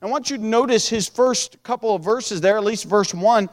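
Pastor guy preaching, pretty high voice, chatty with lots of restarts, big reverb. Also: moderate pace. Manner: conversational preaching with frequent restarts. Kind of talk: sermon.

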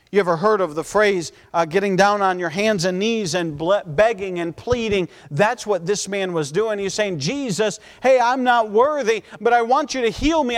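A man preaching a sermon as pastor, fervent and pleading, at times dropping his voice to a soft, intense hush. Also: high-pitched, big-room sound.

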